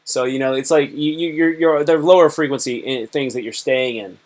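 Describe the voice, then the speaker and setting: A man's voice: medium pitch, normal speed. A man hosting a casual livestream talk, rambling and repetitive, often acting out little dialogues. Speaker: host. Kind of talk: casual livestream monologue on self-improvement.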